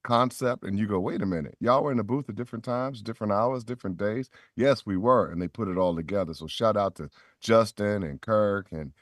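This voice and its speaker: Guesting on a podcast interview, a middle-aged man who does voice acting spins stories and performs the quoted voices with animation. He talks briskly in a lowish voice, recorded in clean studio sound with no room tone.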